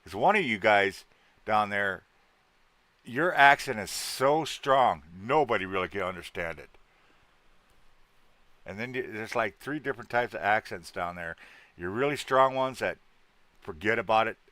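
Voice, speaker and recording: A man's voice: lowish voice, lively intonation, a little slow, pauses often, pushed and bright, no echo. A man from Wisconsin chatting casually with his livestream viewers in a rambling, folksy way, with a salty word here and there.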